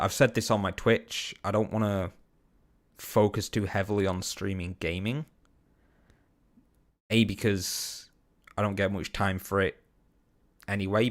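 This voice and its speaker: A man's voice: fairly low pitch, fairly bright tone. A man from Bolton with a general, slightly posh English accent, chatting casually on a live stream and answering viewer comments with lots of ums and casual swearing. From Bolton, England. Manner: rambling, quick bursts, swears casually, many ums.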